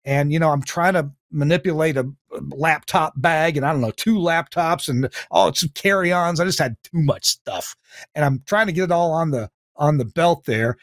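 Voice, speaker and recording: Halting talk-show host man, higher voice. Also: fairly bright tone, no room sound, studio quality. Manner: halting, full of uh fillers and restarts, laughs often. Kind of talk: casual talk show hosting.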